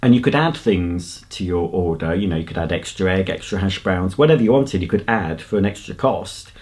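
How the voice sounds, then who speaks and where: A man's voice: sits low, animated, brisk, darkish tone. An English man vlogging in a casual chat, rambling along as he tells a story. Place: outdoors on a countryside path.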